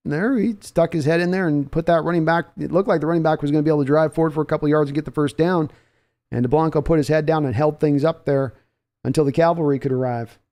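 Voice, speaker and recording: A man's voice: on the high side, steady tone, fast, a little mellow. A man hosting a live sports podcast, calling play-by-play in a chatty manner and answering viewer comments. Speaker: podcast host.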